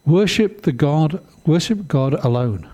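Mellow-voiced preacher. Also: male voice, on the high side, unhurried. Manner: conversational and animated, with rhetorical questions. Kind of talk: sermon.

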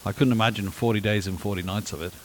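A man delivering a sermon, animated and emphatic, with dry self-deprecating humor. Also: on the low side, fast talker, a little hiss or hum, low-quality recording. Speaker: preacher.

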